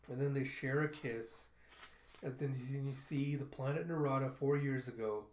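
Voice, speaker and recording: A man's voice: medium pitch, fairly even intonation, moderate pace, a little mellow. A man casually reading through and recapping a comic book, narrating each panel with "and he goes.". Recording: roomy echo.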